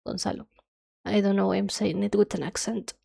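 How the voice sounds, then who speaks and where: A woman's voice: mid-range voice, fairly even intonation, fast, gravelly, warm tone, slightly rough. A young woman streamer chatting casually and rambling nonstop while she draws, her nose stuffy. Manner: rambling, chatty, self-described yapping.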